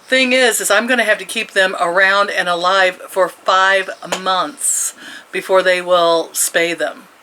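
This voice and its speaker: Woman, 60s, vlogger; bright, forceful tone, rambling chatty delivery with frequent chuckles. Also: medium pitch, fairly even intonation, measured pace, a little hiss or hum, poor audio. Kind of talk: casual chat.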